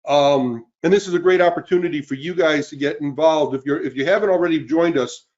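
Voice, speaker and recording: A man's voice: fairly high pitch, a little fast, a little mellow, dull audio. Upbeat man in his fifties hosting. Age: 50s. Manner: upbeat, greets listeners by name. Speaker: webinar host. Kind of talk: live webinar sales pitch. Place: cold indoor room.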